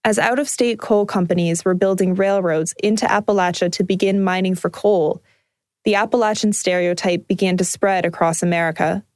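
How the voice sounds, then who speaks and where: A woman with a Canadian accent, calmly telling a personal documentary story in scripted narration. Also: on the low side, brisk. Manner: calm, reflective storytelling.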